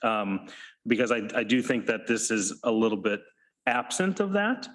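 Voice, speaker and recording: A man's voice: mid-range voice, big pitch swings, moderate pace, a bit bright, rough recording. A man legislator speaking in a meeting with a cough drop in his mouth, thoughtful and rambling. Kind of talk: meeting discussion. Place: council chamber.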